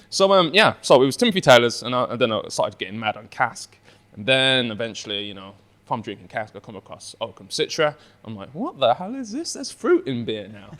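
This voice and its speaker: A man, a brewery founder chatting as a podcast guest, telling excitable, rambling stories. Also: fairly low pitch. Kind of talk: casual chat.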